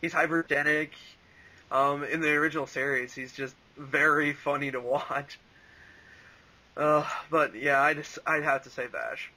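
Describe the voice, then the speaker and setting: A man's voice: on the high side, steady tone, a little slow, pushed and bright, low-quality recording. A young man rambling casually as an interview guest, full of "like" and "um" and frequent laughs. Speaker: interview guest, fan voice actor.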